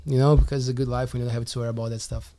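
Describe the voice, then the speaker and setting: A man with a Brazilian Portuguese accent, a guest chatting in a lively, rambling way and often restarting his words. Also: mid-range voice, rapid-fire. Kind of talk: casual chat.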